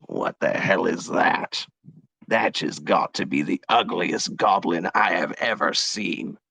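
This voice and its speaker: A man's voice: deep voice, slow pace, gravelly, bright, forceful tone, breathy edge, no echo, pitched below the performer's own voice, exaggerated voice. A man voicing a blunt, wary male adventurer companion in a tabletop game.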